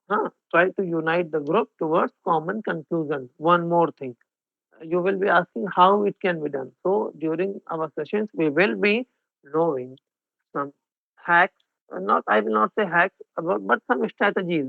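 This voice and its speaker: Male Indian English tutor, raspy and high, mixes in Hindi, heard over a tinny, dry line. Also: unhurried, no room sound. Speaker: exam coaching teacher. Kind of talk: online class lecture. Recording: phone-like narrow band, dry.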